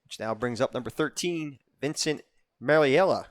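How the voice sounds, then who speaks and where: A man calling youth baseball play-by-play, joking between pitches and getting louder and higher on the action. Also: moderate pace. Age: older. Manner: jokey, rises in pitch and volume on plays. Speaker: play-by-play announcer.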